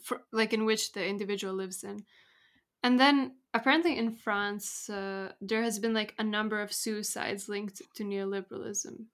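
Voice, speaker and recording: A woman's voice: medium pitch, steady tone, normal speed, a bit bright. A young woman in casual conversation, explaining her thoughts and often laughing through her words. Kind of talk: casual chat.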